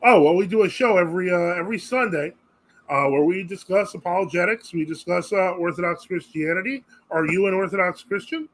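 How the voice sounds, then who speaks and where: A man's voice: sits high, brisk, slight background noise, low-quality recording. A man hosting a live Q&A stream, chatting casually and reacting to viewer comments as he reads them aloud. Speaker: host of a live religious Q&A stream.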